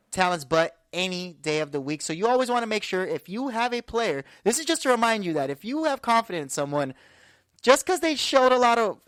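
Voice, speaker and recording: A woman's voice: lowish voice, fairly bright tone, dry recording. Chatty young woman podcast host, dry sound. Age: 20s. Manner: chatty, rambling with fillers. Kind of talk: casual sports podcast talk.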